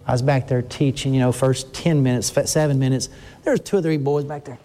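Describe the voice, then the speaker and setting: An older man preaching a conversational sermon, earnest and emphatic, slowing down to stress his words. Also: medium pitch, steady tone, warm tone.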